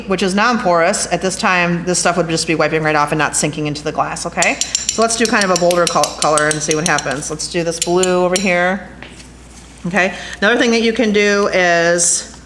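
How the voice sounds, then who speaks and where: Woman, craft instructor, chatty and excitable, everyday mid voice, faint studio hiss. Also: medium pitch. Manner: chatty, excitable, talks to viewers as guys. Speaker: glass art instructor. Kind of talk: hands-on craft demonstration. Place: glass studio workshop.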